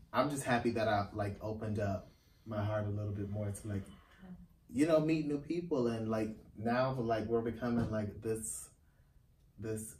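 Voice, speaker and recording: A man co-hosting a casual chat show, talking in a relaxed way with lots of filler words. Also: fairly low pitch, measured pace. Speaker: podcast co-host. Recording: echoey room, mic at a distance, faint ambient noise.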